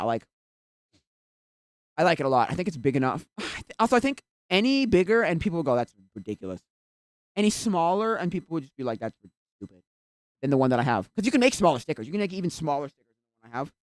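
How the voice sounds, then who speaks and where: A live streamer chatting casually while browsing at the computer, rambling and filling every pause with "like". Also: medium pitch, big pitch swings, dry recording, studio quality. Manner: rambling, heavy use of "like".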